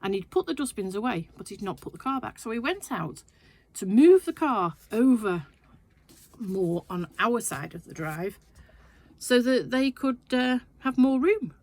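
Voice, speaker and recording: A woman's voice: a little high, very animated, measured pace, darkish tone, dry recording. An older woman telling a rambling, chatty story in her sewing shed. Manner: chatty, rambling anecdote with asides. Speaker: sewing vlogger. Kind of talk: casual storytelling chat.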